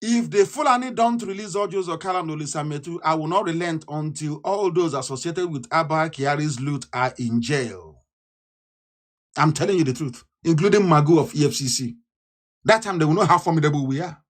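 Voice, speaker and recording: A man giving an impassioned political broadcast, fiery and scornful, repeating himself and bursting into shouts. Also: on the high side, brisk. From Nigeria. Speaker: activist leader.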